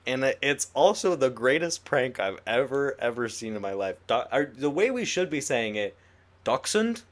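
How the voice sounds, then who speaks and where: A man's voice: medium pitch, normal speed. A young man chatting on a casual podcast, laughing often and riffing through playful rants. His voice sits in a middle range and bounces around as he jokes. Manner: giggly, animated, jokey rants. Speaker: podcast co-host. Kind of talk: casual chat.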